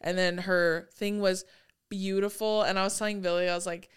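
A young woman in easy, casual conversation. Her voice is notably smooth and clean. She swears offhandedly and slips into quick quoted asides. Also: mid-range voice, little pitch movement. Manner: swearing, chatty, quotes people in put-on lines. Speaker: podcast co-host. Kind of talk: casual chat.

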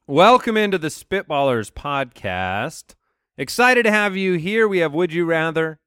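A man's voice: fairly high pitch, very animated, unhurried, a bit bright, smooth, no room sound, studio quality. A man hosting a podcast in casual banter who keeps the show moving and reads out listener questions. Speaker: podcast host.

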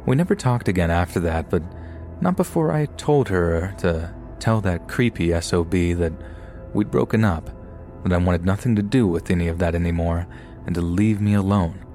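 A man reading scary stories aloud as a scripted narration, in a steady storytelling delivery. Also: sits low, moderate pace. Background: faint background music.

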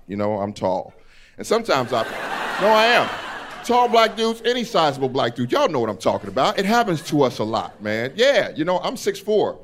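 A man doing a stand-up set on a comedy stage, talking loudly and punchily into a handheld mic and laughing through his jokes. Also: medium pitch, sing-song, moderate pace. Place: comedy stage before a live audience.

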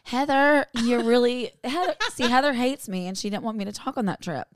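A woman, a slightly hoarse voice and a jokey, chatty manner, co-hosting a casual podcast chat. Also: fairly high pitch, fairly quick, no echo. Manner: chatty, jokey, laughs often. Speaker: podcast co-host.

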